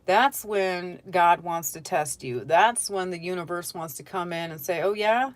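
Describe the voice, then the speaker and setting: A woman's voice: fairly low pitch, unhurried, no room sound. A woman giving a casual tarot reading, talking straight to the viewer and often checking in with "okay?". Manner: chatty, keeps checking in with "okay?"; direct advice to the viewer. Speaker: tarot reader.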